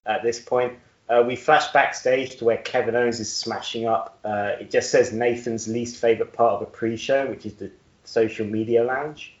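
In roomy, dull-sounding audio, a man co-hosts a podcast, his medium-pitched voice fairly even and at normal speed. He keeps the chat casual, cracking jokes and laughing at them himself.

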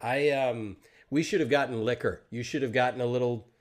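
A man hosts a relaxed livestream interview, talking over a video call. He jokes at his own expense and rambles in an easy way. His pitch sits in the middle range. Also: brisk. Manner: joking, self-deprecating, rambling. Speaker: podcast host and Twitch streamer. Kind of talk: casual interview chat.

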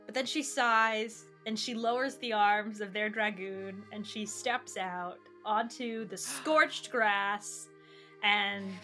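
A woman's voice: mid-range voice, takes it slowly, pushed and bright, soft background music. A woman narrating as game master of a tabletop role-play, playful and dramatic.

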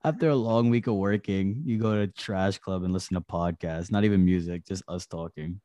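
Deep-voiced man, dry close sound. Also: steady tone, fairly quick, mellow, no echo. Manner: laughs often, asks questions. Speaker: podcast host. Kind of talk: casual chat.

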